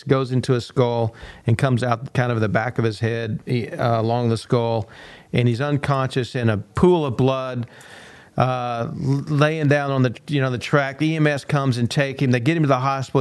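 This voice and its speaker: Older male coach telling a lively story. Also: mid-range voice, dry recording. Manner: animated storyteller, acts out quoted dialogue, chuckles, repeats words. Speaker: coach and university teacher. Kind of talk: motivational storytelling talk.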